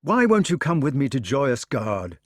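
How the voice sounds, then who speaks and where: An earnest, brooding knight who pleads and broods in turn, read by a man. The voice moves lively up and down in a storybook reading. The sound is dry and close. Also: mid-range voice, unhurried, no echo, close to an everyday voice. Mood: pleading.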